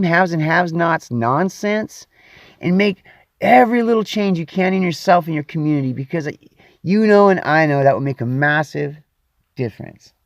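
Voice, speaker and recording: A man's voice: high-pitched, no room sound, studio quality. A man hosting his own show in a casual, playful monologue, stretching words out for dramatic effect. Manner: playful and theatrical, with drawn-out emphasis. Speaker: show host.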